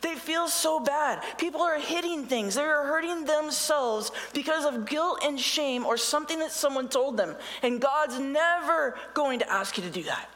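A woman's voice: high-pitched, lively intonation, normal speed, hardly any pauses, fairly bright tone, big-room sound. A woman pastor preaching a conversational sermon, reading scripture and adding sarcastic asides.

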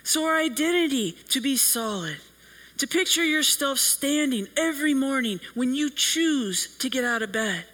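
A man preaching a sermon in an earnest, measured way, with long pauses between phrases. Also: very high-pitched, expressive, sharp tone, rough recording.

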